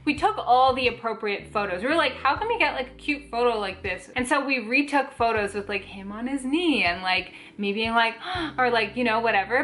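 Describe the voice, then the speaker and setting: A young woman vlogging, telling a personal story to camera in a chatty, animated way, full of "like" fillers. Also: a little high.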